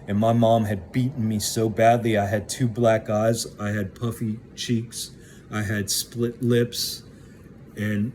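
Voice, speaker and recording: A man's voice: fairly low pitch, darkish tone, slight background noise. A man casually recounting his own past in a candid, blunt way that includes swearing. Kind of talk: casual first-person storytelling.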